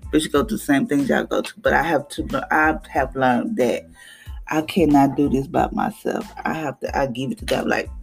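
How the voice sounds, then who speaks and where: Gravelly woman giving an emphatic devotional talk. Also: a bass voice, moderate pace, soft background music. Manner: emphatic, animated, acts out what she said to others. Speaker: devotional podcast host.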